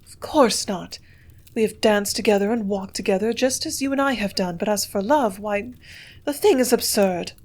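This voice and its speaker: A cool, secretive young society lady who keeps her heart shut and brushes questions aside, as a woman reader gives her voice. She speaks in a guarded, measured tone at an ordinary middle pitch, as in a storybook reading. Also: darkish tone, lightly acted. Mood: dismissive. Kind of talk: audiobook character reading.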